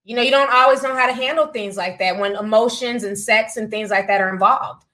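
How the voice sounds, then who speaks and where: A woman hosts a casual gossip livestream, reading super chats and other viewer comments aloud with sassy asides, frequent laughter, and plenty of "honey" and "child." Her voice is on the high side, brisk, bright and forceful, in a rough recording.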